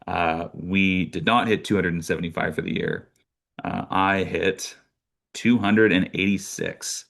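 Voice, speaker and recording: A young Canadian man telling lively birding stories in a casual talk, with many fillers and restarts. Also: sits low, measured pace, vocal fry. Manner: animated storyteller, many fillers and restarts, laughs often. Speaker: birder giving a talk.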